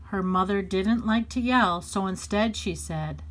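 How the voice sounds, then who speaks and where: Woman reading a picture book slowly. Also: mid-range voice. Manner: slow, deliberate, expressive pauses. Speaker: storybook reader. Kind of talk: picture-book read-aloud.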